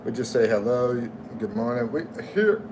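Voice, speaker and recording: A middle-aged American man with a mid-range, very animated voice hosts a casual livestream against a noisy background. Slow and friendly, he reads viewers' comments and names aloud and chats with them.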